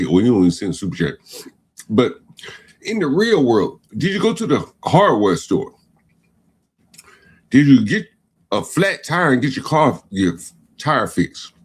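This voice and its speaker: A husky man hosting a live call-in show, his voice jumping up and down as he badgers a caller. He fires the same question again and again, confrontational and impatient. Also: mid-range voice.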